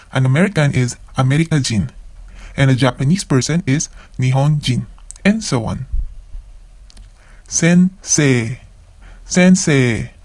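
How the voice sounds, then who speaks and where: In this vocabulary lesson, a Filipino man who is learning the language repeats every word twice and then explains its meaning. He has a slightly mellow, mid-range voice, and the audio carries no echo.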